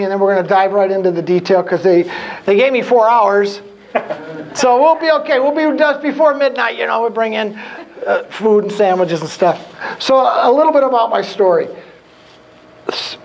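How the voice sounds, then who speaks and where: The audio is dull, and the man's voice is high. In his fifties, he's the guest speaker at a career group workshop, spinning funny stories and playing out his old dialogues with lively energy.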